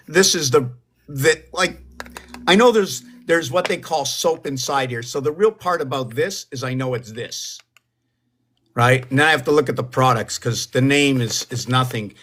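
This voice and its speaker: A man hosting a relaxed livestream from home in a mid-pitched voice. He wanders from thought to thought, musing aloud about words and numbers as they occur to him. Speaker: livestream host. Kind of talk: casual livestream chat.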